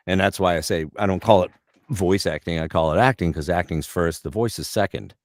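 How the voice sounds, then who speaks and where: A middle-aged man, a voice actor, chatting in an interview and telling lively stories, often repeating words as he starts. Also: deep voice, fairly quick, dry recording, clean studio sound. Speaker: voice actor guest. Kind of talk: casual interview chat.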